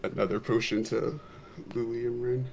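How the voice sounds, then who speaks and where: A man's voice: mid-range voice, fairly even intonation, vocal fry, a little mellow, a little hiss or hum, low-quality recording. A man playing a tabletop role-playing game, talking casually and thoughtfully about his character's actions. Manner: slow, thoughtful, with chuckles. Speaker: player.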